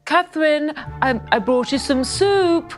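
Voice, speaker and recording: A woman's voice: sits high, animated, measured pace, soft background music, pitched above the performer's own voice. A woman voicing a gullible old king who is bumbling and doting.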